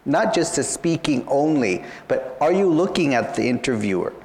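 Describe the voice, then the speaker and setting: A man's voice: medium pitch, animated, normal speed, darkish tone. A man tutoring students for an interview exam, explaining each point patiently and often saying "you know". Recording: long hall reverb.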